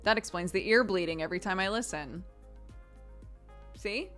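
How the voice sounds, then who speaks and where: A woman in her thirties, a streamer casually answering chat questions in a relaxed, chatty way and laughing often. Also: mid-range voice, moderate pace, faint music behind.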